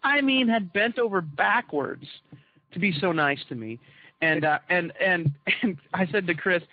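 Guy spinning a story for his cohosts, kinda high voice, acts out the quotes, dull dry lo-fi sound. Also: unhurried. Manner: animated, acts out quoted dialogue. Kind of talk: casual storytelling among co-hosts.

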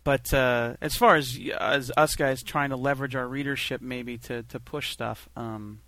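Male co-host, halting and stammering, bright and dry. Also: mid-range voice, fairly even intonation, dry recording. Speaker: podcast co-host. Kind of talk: casual podcast chat.

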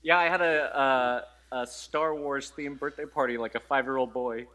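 A man's voice: medium pitch, steady tone, normal speed, sharp tone. A man co-hosting a podcast, chatting casually and telling jokey stories with put-on voices. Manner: jokey storyteller, mock accents and voices. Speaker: podcast co-host. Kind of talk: casual chat.

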